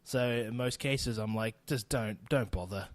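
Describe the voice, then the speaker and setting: Young New Zealand man, blunt and profane podcast host, even mid pitch, dead-dry close sound. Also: unhurried, no echo. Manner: blunt, sweary, laughing asides. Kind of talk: solo podcast rant. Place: home recording in Austin.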